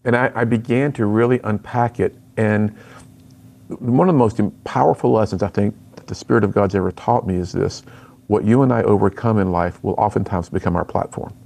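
Gravelly-voiced man telling his story. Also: on the low side, fairly quick, darkish tone. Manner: earnest storytelling, acts out quoted dialogue. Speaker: youth speaker and author. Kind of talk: personal testimony in an interview.

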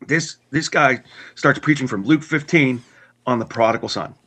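A man earnestly telling his personal story in conversation, halting with restarts and repeats. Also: mid-range voice, bright, forceful tone. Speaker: guest telling his testimony.

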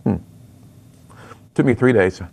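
A man's voice: mid-range voice, slow pace, creaky, a little mellow. A middle-aged man, a speaker and author, telling his personal story earnestly in an interview.

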